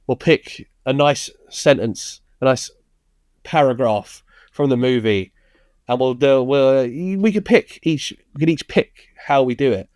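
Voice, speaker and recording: A man's voice: medium pitch, unhurried, a little mellow, no room sound, clean studio sound. A man co-hosting a podcast in casual, jokey, teasing chat. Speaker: podcast co-host.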